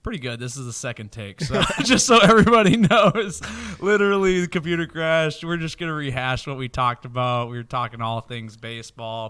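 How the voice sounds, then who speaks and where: Bright, clear-voiced podcast host man. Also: medium pitch. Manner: upbeat, laughs often. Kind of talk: casual podcast chat.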